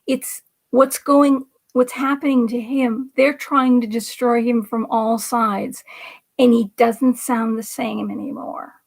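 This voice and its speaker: A woman's voice: on the high side, creaky, darkish tone. A woman hosting a political commentary livestream, talking in a rambling, emphatic way and now and then dropping to a whisper for effect. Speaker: livestream host.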